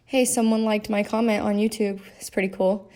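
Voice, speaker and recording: A woman's voice: mid-range voice, little pitch movement, moderate pace, warm tone. A young woman giving a chatty, rambling voice-over on her game build, with lots of fillers. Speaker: game streamer. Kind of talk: casual voice-over commentary.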